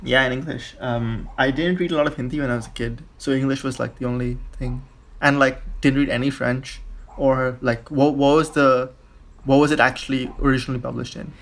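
A young man from India, a podcast guest, talking in a relaxed, halting way with many likes and restarts. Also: medium pitch. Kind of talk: casual conversation.

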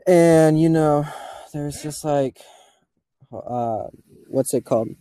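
Halting young man with a mellow voice. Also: fairly high pitch, clear, resonant tone, no room sound. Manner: halting, searching for words with restarts. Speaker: podcast guest. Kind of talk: casual chat.

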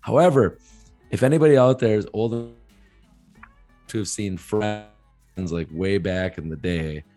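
A man hosting a podcast interview, talking in a chatty, joking, eager way with a hoarse, rough voice. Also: lowish voice, moderate pace, long pauses, mellow, soft background music. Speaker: podcast host.

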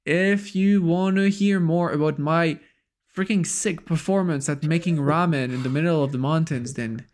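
A man's voice: a little high, moderate pace, a little mellow. A young French man with a French accent hosting a podcast in an upbeat, casual way, laughing easily. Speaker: podcast host.

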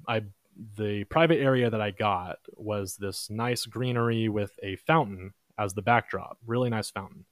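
A young man with a lowish voice hosts a podcast, telling a long story in a relaxed, chatty manner and raising his voice when quoting others. There's no room sound in the recording.

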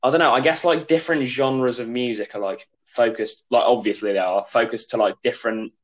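A young man rambles through casual podcast chat, hesitant and loose. He fills his sentences with "like" at an ordinary middle pitch. His talk sounds easygoing and unpolished. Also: fairly even intonation, fairly quick, low-quality recording. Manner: rambling and hesitant, heavy use of "like". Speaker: podcast guest, skater and drummer.

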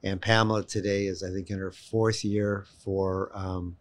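Animated man telling a story, low voice. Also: a little slow. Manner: animated, emphatic storyteller with frequent restarts. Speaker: guest, children's home volunteer. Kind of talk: storytelling in conversation.

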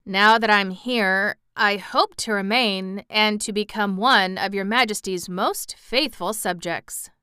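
A woman's voice: medium pitch, takes it slowly, hardly any pauses, sharp tone, clean tone, no echo, clean studio sound. A woman voicing a shy, humble vagabond man in an audiobook, speaking earnestly and plainly. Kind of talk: audiobook character reading.

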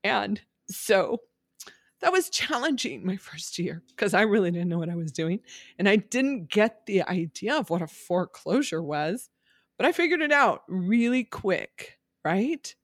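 A woman's voice: medium pitch, big pitch swings, measured pace, no echo, clean studio sound. A woman real estate agent talking candidly in a podcast monologue, emphatic, direct and emotional.

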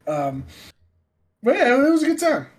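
Young guy, high voice, lively swearing storyteller in casual chat. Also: moderate pace. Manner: animated, swearing, acts out quotes loudly.

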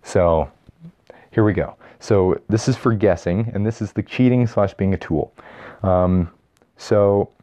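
A man's voice: on the low side, a little slow, warm tone. A young man casually explaining and ranking strategies for a classroom game, rambling and correcting himself as he goes. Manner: rambling, self-correcting, chatty. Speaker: video host.

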